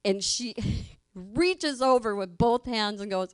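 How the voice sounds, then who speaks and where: A woman's voice: on the high side, animated, slow, smooth, dry recording, clean studio sound. A middle-aged woman telling a personal story live on stage, colloquial, laughing as she goes and acting out the voices she quotes. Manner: colloquial, laughs through her own story.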